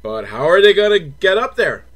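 A man recapping a movie as comedy, sarcastic and swearing, switching from flat muttering to shrill mock excitement. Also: normal speed. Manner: sarcastic, swears, mocking kid-show cheer. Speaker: movie reviewer.

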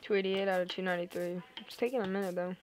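A young woman chatting casually to herself and her viewers while streaming a game, thinking out loud. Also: mid-range voice, steady tone, fast, a little hiss or hum, low-quality recording. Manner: chatty, thinks aloud, self-talk with little sing-song bits. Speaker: gamer streaming live.

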